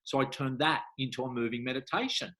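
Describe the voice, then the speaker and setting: Bright-voiced animated male storyteller. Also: quick pace. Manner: animated storyteller, acts out voices with big pitch jumps. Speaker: hypnotherapist guest. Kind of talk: conversational interview.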